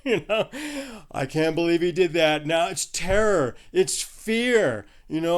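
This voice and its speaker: A man preaching a Bible teaching, talking loosely with many restarts and little laughs at his own jokes. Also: on the high side. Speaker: pastor. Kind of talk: sermon.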